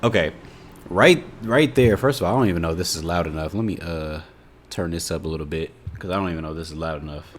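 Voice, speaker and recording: A young man from Indiana with a low voice and a matching local accent talks casually through a reaction video. He is laid-back and laughs often, and he sounds exasperated at what he hears. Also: fast talker, slight background noise. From Indiana, USA. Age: 20s.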